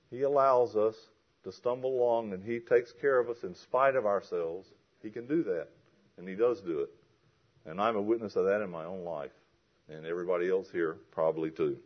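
A man's voice: lowish voice, highs cut off. A man preaching a sermon and reading scripture aloud with strong emphasis. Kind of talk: expository sermon.

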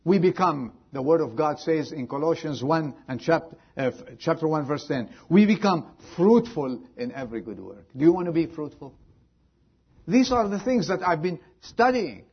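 A man's voice: fairly high pitch, lively intonation, moderate pace, slightly rough, lo-fi sound. A man preaching a sermon, earnestly repeating rhetorical questions to his congregation, in slightly non-native phrasing. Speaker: pastor.

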